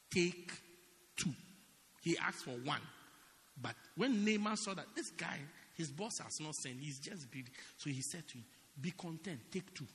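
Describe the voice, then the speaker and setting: A man preaching a sermon, animated and joking with the congregation. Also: on the high side. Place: church hall. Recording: reverberant church hall.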